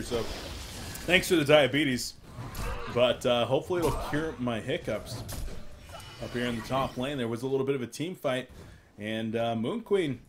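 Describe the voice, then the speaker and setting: A man's voice: medium pitch, noisy background. A young man with hiccups casting a video game match alone from home, chatty and self-deprecating. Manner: chatty, self-deprecating, bursts of excitement on plays. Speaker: esports caster. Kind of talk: solo play-by-play commentary from home. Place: room at his mother's home.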